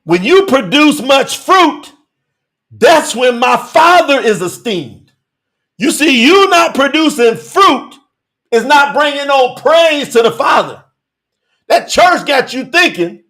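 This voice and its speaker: A man preaching a sermon, reading scripture verses and commenting on them with emphatic rhetorical questions and bursts of shouting. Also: extremely high pitch, sing-song, takes it slowly. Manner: breaks into shouting.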